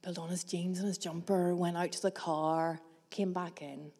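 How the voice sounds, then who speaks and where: A woman preaching a sermon, mixing scripture with personal stories in a measured, reflective way with dramatic pauses. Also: lowish voice, steady tone, a little mellow, husky. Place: church hall. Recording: long reverb of a large hall.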